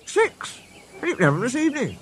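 A man's voice: very high-pitched, huge pitch swings, fast talker, fairly bright tone, a little hiss or hum, voice pushed up, exaggerated voice. A man voicing a small, sly male tank engine who sounds innocent in a storybook tale.

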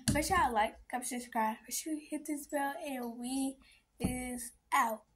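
A woman vlogging on a phone, gushing excitedly and chatting to her viewers as y'all. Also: sits high, moderate pace, slight background noise. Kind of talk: casual chat to viewers.

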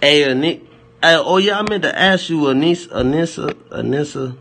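A man's voice: a little high, moderate pace, music in the background. A young man chatting loosely on a phone livestream, rambling, laughing and teasing his viewers in heavy slang. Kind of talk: loose joking livestream chat.

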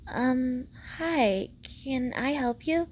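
A woman voicing a lonely, hopeful teenage girl who speaks softly and hesitantly. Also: sits high, animated, extremely slow, a little hiss or hum, exaggerated voice. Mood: shy.

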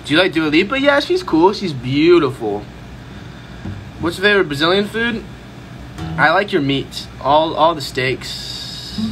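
A man's voice: fairly high pitch, big pitch swings, unhurried, pauses often, poor audio. A young man hosting a casual livestream, chatting easily and answering fan questions. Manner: laid-back, chatty, sings snippets. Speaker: livestream host. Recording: music playing in the background.

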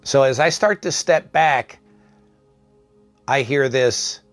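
Male storyteller, mid-pitched voice, casual and halting, personal anecdote. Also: dry recording, faint music behind. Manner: conversational, halting with fillers and restarts. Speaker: storyteller, former psych care worker. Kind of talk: personal anecdote told aloud.

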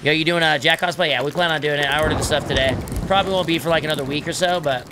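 A relaxed, joking man talking through a live game stream, his voice sitting a touch high for a guy. He swears freely and keeps the banter easygoing. Steady game sounds and rolling sea noise run clearly underneath him. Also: racing. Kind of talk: casual live-stream chat.

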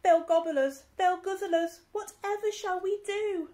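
A woman's voice: high-pitched, wildly swooping pitch, extremely slow, warm tone, voice pushed up, heavily acted. A woman voicing a panicky young male sailor in a storybook, crying out in alarm with squealing, fretful lines.

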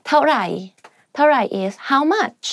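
A young woman teaches everyday phrases in a loose, chatty lesson, talking quickly and sprinkling in fillers and laughs. Her voice sits a little high and sounds close and dry, with no room around it. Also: no room sound. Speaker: language teacher. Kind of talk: casual spoken language lesson.

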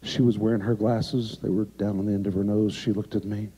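A man's voice: lowish voice, level tone, fairly quick, slightly rough. Dramatic male preacher telling a story. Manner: dramatic, emphatic, with sharp drops to quiet. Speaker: guest preacher. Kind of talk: sermon storytelling. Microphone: remote video recording. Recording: echoey, dull lo-fi sound.

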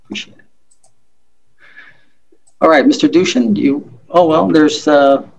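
A man's voice: fairly high pitch, a little slow, vocal fry. A man, the mayor, chairing a council meeting in a casual, joking but directive way. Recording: dull lo-fi meeting audio.

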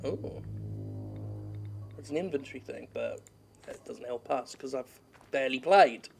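A man giving sweary, joking let's-play commentary while he plays a game, with excitable outbursts. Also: medium pitch, unhurried, vocal fry, over music. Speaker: games critic playing a game.

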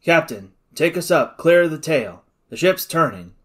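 A man's voice: fairly high pitch, lively intonation, normal speed, fairly bright tone. Man playing a commanding officer, urgent orders, clipped, audiobook reading. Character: commanding male officer in a crisis.

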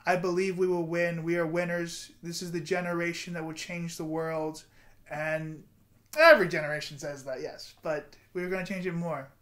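A man's voice: on the high side, level tone, normal speed, a bit bright. A man in his twenties giving an earnest, rambling motivational vlog monologue with guided breathing and affirmations. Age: 20s. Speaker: vlogger.

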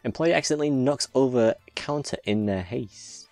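A man's voice: mid-range voice, expressive, normal speed, a little mellow, dry recording, faint music behind. A man hosting a reaction video, commenting casually on clips, laughing often and swearing freely.

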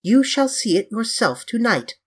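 A reader voicing a bitter, scornful young man who speaks in a hard, clear, mocking voice, higher and sharper than the narration. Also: lively intonation, normal speed. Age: young adult.

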